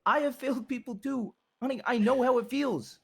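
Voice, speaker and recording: A man's voice: very high voice, normal speed, creaky, a little hiss or hum. A man playing a blunt, devoted husband who pleads earnestly and repeats himself as he comforts his wife in a game role-play. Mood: reassuring.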